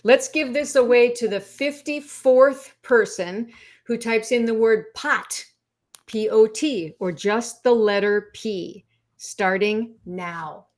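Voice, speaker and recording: A woman co-hosting a live talk show over a video call, upbeat and brisk as she runs giveaways and chats. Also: on the high side. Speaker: co-host. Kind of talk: casual chat.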